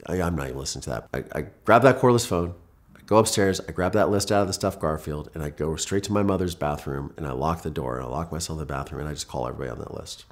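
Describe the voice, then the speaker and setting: A man's voice: very deep voice, fast. A man from Ohio earnestly retells a personal story in vivid detail, often restarting his sentences. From Ohio, USA. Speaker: guest.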